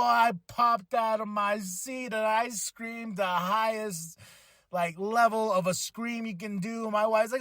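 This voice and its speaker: A fired-up man hosts his podcast, with a fairly high voice that jumps into excited shouts. The recording is close and completely dry. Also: takes it slowly, no room sound. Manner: enthusiastic, animated, shouts in excitement. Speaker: podcast host. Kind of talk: excited wrestling recap.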